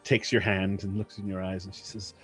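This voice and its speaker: A man narrating as game master for a tabletop game, halting often with ums and uhs. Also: sits low, flat delivery, a bit bright. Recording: faint music behind.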